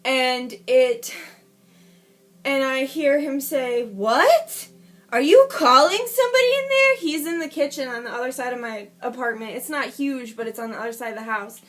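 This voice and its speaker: A woman's voice: high voice, steady tone, normal speed. A woman telling a personal story in a casual vlog, candid and emotional, swearing freely as she gives a play-by-play. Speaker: vlogger.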